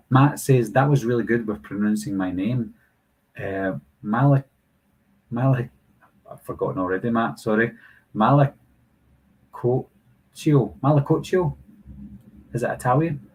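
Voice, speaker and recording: British male streamer in his 30s, slightly low husky voice, loose conversational delivery. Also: poor audio. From United Kingdom. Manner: chatty, reads viewer comments aloud and answers them. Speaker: host of a live Q&A stream. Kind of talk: casual live-stream chat reading comments.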